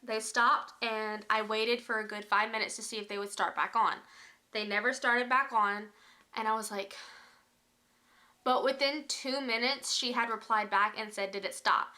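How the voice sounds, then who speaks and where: A young woman telling a spooky story from her own life at home, chatty and animated, with lots of fillers. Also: on the high side, normal speed. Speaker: vlogger. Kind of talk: casual storytime.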